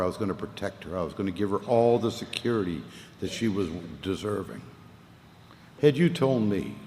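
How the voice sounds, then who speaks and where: A man with a lowish voice tells his own story at a recovery meeting, earnest and plainspoken, dropping to near-whispers and rising again as feeling takes him. His words ring out in a large reverberant hall with a faint hum of room noise behind. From Southern US. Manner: earnest storytelling, voice swells and sinks with emotion; casual Southern speech, 'ain't' and 'wasn't no'. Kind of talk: personal testimony talk.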